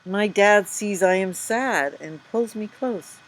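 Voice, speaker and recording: A woman reading a children's picture book aloud, gentle and unhurried, dropping to soft asides between pages. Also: medium pitch, a little hiss or hum, poor audio. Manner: gentle, slow storytelling with soft spoken asides.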